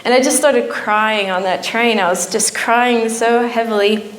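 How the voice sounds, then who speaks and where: A woman's voice: a little high, fairly even intonation, measured pace. A young woman giving an emotional personal testimony at a church, her storytelling rising at times into pleading. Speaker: church speaker. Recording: echoey church hall.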